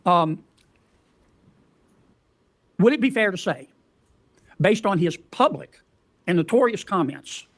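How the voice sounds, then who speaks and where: A man questioning a military officer at a hearing, asking folksy leading questions with halting restarts. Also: high voice, very animated, a bit bright.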